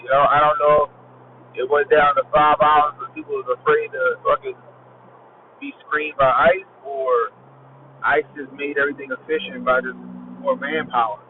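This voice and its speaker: A man in his forties riffs through a casual talk show with animated, profane storytelling. His voice sits a bit high. The audio is thin and phone-like, with a faint hiss of noise underneath. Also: normal speed. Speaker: podcast host. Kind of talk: casual chat.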